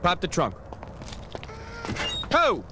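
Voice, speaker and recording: An actor playing a tough, wisecracking street cop who barks orders and makes dry asides. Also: male voice, high voice, wildly swooping pitch, extremely slow, exaggerated voice. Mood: brusque. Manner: brusque commands, dry asides. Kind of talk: comedy short acting. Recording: loud outdoor traffic noise.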